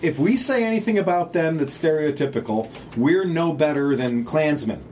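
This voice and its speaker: A man's voice: fairly high pitch, lively intonation, moderate pace, a little mellow, slight background noise. A man co-hosting a podcast in casual chat, rambling, sarcastic and swearing freely. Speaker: podcast co-host.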